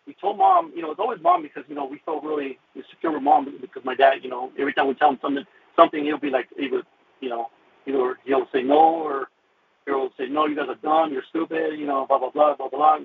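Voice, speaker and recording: A man telling his personal faith testimony, emotional and halting, with many "you know" fillers, over a phone-like radio line. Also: mid-range voice, vocal fry, a little hiss or hum. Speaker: guest sharing his testimony.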